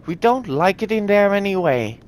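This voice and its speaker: A man's voice: high voice, sing-song, moderate pace, a little hiss or hum, pitched above the performer's own voice. A man reading a child's diary notes aloud from a horror game, putting on an innocent, childlike voice.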